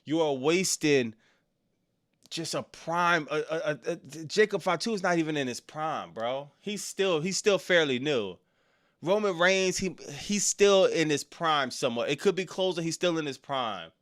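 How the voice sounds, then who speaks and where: Animated man with a bright, forceful voice. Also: moderate pace. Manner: animated, swinging between loud excited outbursts and low frustrated mutters; casual slang, often ending lines with "dog" or "bro". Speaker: streamer hosting a live wrestling reaction show. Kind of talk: live-stream reaction commentary, reading chat.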